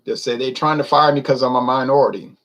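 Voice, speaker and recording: A man's voice: mid-range voice, fairly even intonation, quick pace, fairly bright tone. A man ranting in a casual monologue, opinionated and rambling, full of rhetorical questions. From United States. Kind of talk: casual rant to camera.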